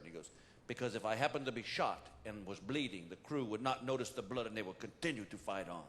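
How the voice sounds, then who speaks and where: A male comedian setting up a joke briskly at a live show. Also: fairly low pitch, animated, fairly bright tone. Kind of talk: stand-up joke telling. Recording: live show with faint crowd and noise.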